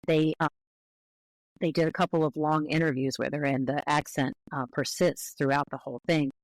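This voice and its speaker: A woman's voice: low-pitched, fairly even intonation, normal speed, no echo, poor audio. A woman guest on an interview, speaking as a linguist in a careful, explanatory way with frequent restarts.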